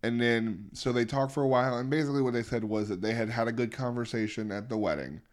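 A man co-hosting a podcast, recapping episodes in casual chat with mocking asides. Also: medium pitch. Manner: recaps at length, mocking, quick joking asides. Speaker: podcast co-host.

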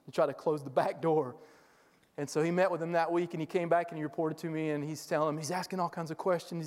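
Animated male preacher in a reverberant hall. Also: on the high side. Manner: animated storyteller acting out quoted voices. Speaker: guest missionary speaker. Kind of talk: sermon storytelling. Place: church sanctuary.

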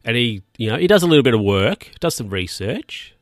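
A man's voice: mid-range voice, big pitch swings, brisk, no room sound, clean studio sound. A man casually recapping a film plot in a rambling, jokey way, with crude asides and lots of restarts. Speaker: film reviewer.

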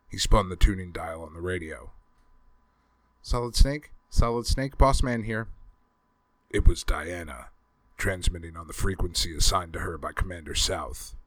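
A man reading a novel chapter aloud as a narrator in a steady, measured storytelling manner. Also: sits low, breathy edge, dry recording. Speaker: audiobook reader. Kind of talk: scripted narration.

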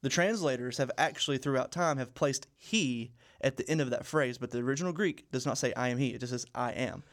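A young man co-hosts a casual Bible study podcast, speaking earnestly and often repeating or restarting his phrases. His pitch is medium and his pace fairly quick.

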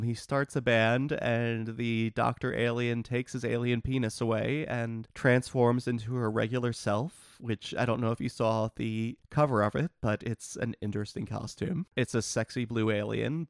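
Co-hosting a casual movie podcast, a man describes the storylines of obscure films with dry wit. His gravelly mid-range voice is flat, at normal speed with hardly any pauses, recorded dry in a clean studio.

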